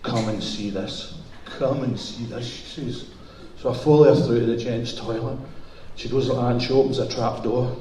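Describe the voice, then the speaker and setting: A man's voice: mid-range voice, steady tone, moderate pace, few pauses, mellow, slight background noise. A middle-aged man with a Glaswegian Scottish accent, doing stand-up comedy with bawdy, swearing stories in a music hall. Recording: roomy hall from far off.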